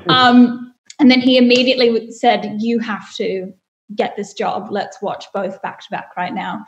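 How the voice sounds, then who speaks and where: A woman's voice: a little high, little pitch movement, measured pace. A young woman, an actress chatting thoughtfully in an interview with many fillers. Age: young adult. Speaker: actress guest. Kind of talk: casual interview chat. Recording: roomy echo.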